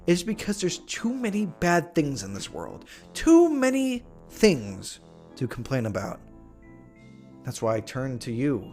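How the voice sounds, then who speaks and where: A vengeful young captor , as a man voices him in a story reading, speaks in a low, hushed, sinister tone. The voice is quiet and controlled, with a creeping menace. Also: huge pitch swings, measured pace, faint music behind. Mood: menacing.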